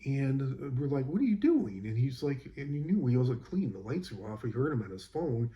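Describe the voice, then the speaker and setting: Mellow-voiced man telling a work story. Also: medium pitch, normal speed, dull audio. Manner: rambling, exasperated recounting with many fillers. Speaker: school custodian. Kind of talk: casual storytelling.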